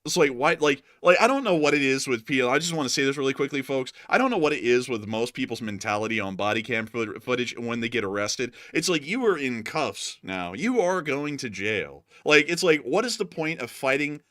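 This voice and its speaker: A man's voice: mid-range voice, lively intonation, brisk, hardly any pauses, a bit bright, dry recording, clean studio sound. A man hosting a war news show, casually commenting on clips with a jokey, rambling manner while getting over a cough. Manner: jokey, rambling, slips into silly voices. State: recovering from a cough.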